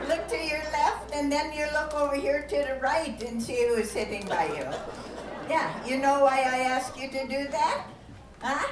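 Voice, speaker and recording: A woman's voice: sits high, noisy background. A woman with a Minnesotan accent doing live stage comedy, teasing the audience with a folksy laugh and bursts of song. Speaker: comic performer. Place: live show venue. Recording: echoey room from far off, live music.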